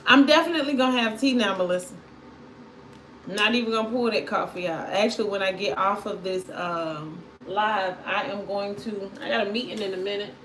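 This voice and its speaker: A woman, chatting casually with viewers as a tarot reader on a livestream, animated and repetitive. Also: medium pitch, brisk, slight background noise. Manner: animated storytelling, repeats phrases, talks to viewers.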